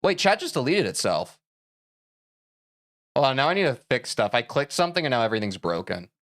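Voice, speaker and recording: A man's voice: mid-range voice, sing-song, a little fast, a bit bright, dry recording, clean studio sound. A man streaming a game, talking casually to his chat in a rambling, self-interrupting, opinionated way.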